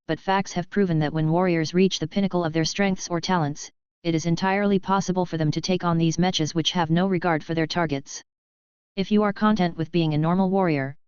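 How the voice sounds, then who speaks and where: A woman voicing a stern, cold male battalion commander with a severe voice, in a measured, even delivery. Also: fairly low pitch, clear, resonant tone, no echo, lightly acted. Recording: slightly dull dry recording.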